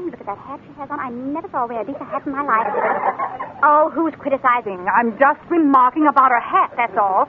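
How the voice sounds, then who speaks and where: A woman's voice: high-pitched, lightly acted. A woman playing a fussy, chattering mother in a 1930s radio comedy sketch, scolding and giggling between lines. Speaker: comic performer. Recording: scratchy tinny old radio recording.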